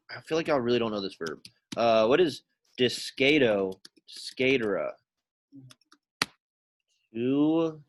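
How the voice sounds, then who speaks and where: In a classroom, a man teaches a Latin lesson, casually quizzing students by name and thinking aloud as he works through sentences. His voice is mid-range, with a little hiss or hum on the recording.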